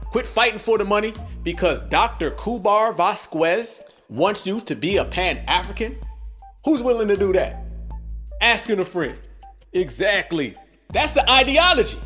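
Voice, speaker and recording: A man's voice: high voice, a bit bright. An American man hosting a podcast, delivering heated, profane political commentary full of rhetorical questions. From United States. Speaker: podcast host.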